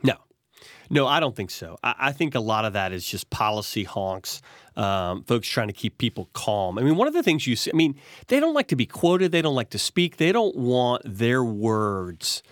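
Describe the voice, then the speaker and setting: A man's voice: medium pitch, very animated, moderate pace, no echo, studio quality. A man in his forties, a guest from an investment firm, agreeing readily and thinking aloud about markets with frequent restarts. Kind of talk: conversational finance interview.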